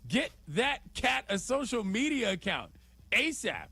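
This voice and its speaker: A man co-hosting a radio show, riffing on news stories with animated, sarcastic jokes. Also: sits high, measured pace, breathy edge, soft background music. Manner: animated, wisecracking, sarcastic riffs. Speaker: radio co-host. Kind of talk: jokey sports radio banter.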